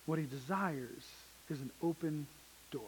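A man's voice: fairly high pitch, unhurried, a little hiss or hum, low-quality recording. A man preaching a sermon as pastor, earnest and emphatic, often repeating his phrases.

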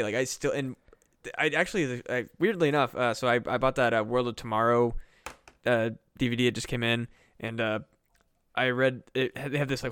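A man's voice: mid-range voice, a bit bright, clean tone, dry recording, clean studio sound. A man co-hosting a casual comedy podcast, telling a story in a rambling way with lots of fillers and swearing. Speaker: podcast co-host.

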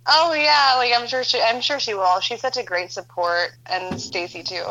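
A woman's voice: fairly high pitch, normal speed, sharp tone, muffled recording. A woman, a model and actress, chatting as a podcast guest and laughing easily. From Filipino-Norwegian heritage. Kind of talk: casual chat.

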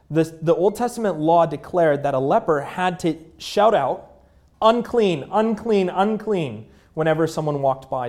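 A man in his thirties preaching a sermon in a conversational way, with fillers, dropping to a hushed voice at tender moments. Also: a little high. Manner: drops to a hushed voice at moving moments. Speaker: pastor.

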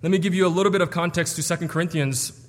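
A man's voice: high voice, steady tone, racing. A man delivers an earnest, explanatory sermon in a slightly raised voice, now and then tripping over his words. His voice carries a long reverb, as in a large church sanctuary. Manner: earnest, explanatory, with stumbles and restarts. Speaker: preacher. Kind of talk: expository sermon.

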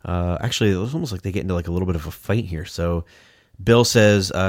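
Man, casual comedy podcast host; lowish voice, dead-dry booth sound, lively and swearing. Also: quick pace, no echo. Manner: animated, swearing, mock-outraged.

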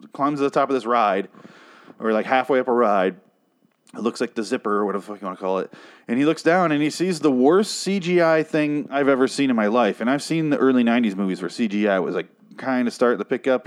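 Man ranting sarcastically about a TV episode. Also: medium pitch. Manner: exasperated, sarcastic, mocks characters in put-on voices. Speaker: TV episode reviewer. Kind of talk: profane ranting review.

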